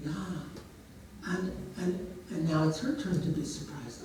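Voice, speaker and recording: A man's voice: sits high, expressive, a little slow, very echoey, distant mic, rough recording. A man telling a story in a casual way, now and then putting on voices for the characters. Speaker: storyteller and therapist.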